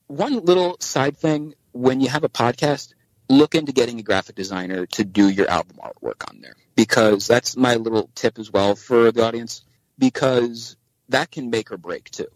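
A man's voice: mid-range voice, moderate pace, dry recording, poor audio. A man guest on a podcast, telling a long anecdote in casual chat and acting out the dialogue in different voices. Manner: animated anecdote teller, acts out dialogue in voices.

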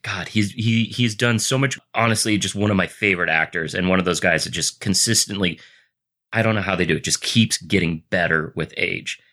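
A man co-hosting a casual podcast chat, talking excitably and in rambling bursts with many restarts. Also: on the low side. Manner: excitable, rambling, jumps into quoted voices. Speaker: podcast co-host.

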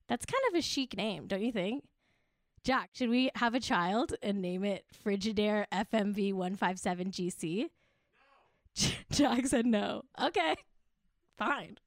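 A young woman hosts a live web show in a mid-range voice, recorded at studio quality with no room sound. Her chat is casual and self-mocking, peppered with giggles and plenty of "like."

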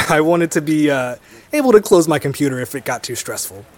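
Young man, wry and lively. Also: fairly high pitch, fairly quick. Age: young adult. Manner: relaxed, wry, laughs easily. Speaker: interviewee. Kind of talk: conversational interview.

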